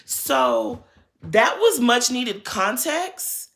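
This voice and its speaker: A woman's voice: a little high, very animated, very slow, fairly bright tone. A woman giving a sassy, opinionated recap of a reality show, talking straight to the people in it and calling them "girl". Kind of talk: casual commentary recap.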